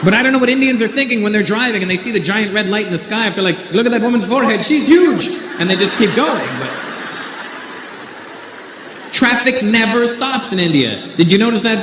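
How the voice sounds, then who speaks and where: A man's voice: high-pitched, animated, brisk, pushed and bright, a little hiss or hum. A Canadian male stand-up comedian tells wry observational stories. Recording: echoey live hall recording. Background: audience laughter.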